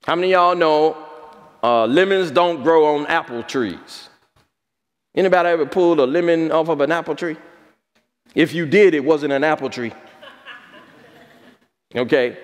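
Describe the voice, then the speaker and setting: A man, a pastor, preaching a sermon by telling stories and asking the congregation questions. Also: on the high side. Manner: storytelling, asks the congregation questions. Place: church hall. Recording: long hall reverb.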